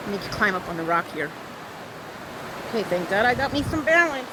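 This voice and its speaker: In a car, a woman travel vlogger talks to her phone camera on a trip, rambling and joking in a casual vlog. Her mid-range voice is sing-song and a little fast, and the recording is very noisy.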